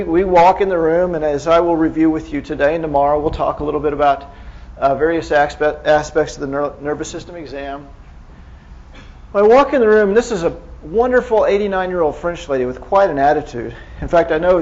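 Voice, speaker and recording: A man's voice: fairly high pitch, creaky, highs cut off. A man giving a conversational medical lecture as a neurohospitalist, quizzing the audience with frequent restarts.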